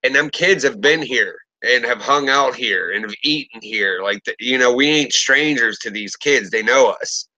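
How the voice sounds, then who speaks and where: A podcast host in his thirties tells a story in loose, casual conversation, his bright, forceful voice full of profanity as he acts out each person he quotes. He speaks at medium pitch and normal speed with hardly any pauses. The audio quality is poor.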